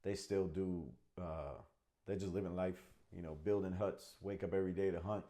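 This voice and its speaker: Joking Connecticut man, low voice. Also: moderate pace. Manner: animated, joking, swears freely. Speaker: podcast co-host. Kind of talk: casual chat.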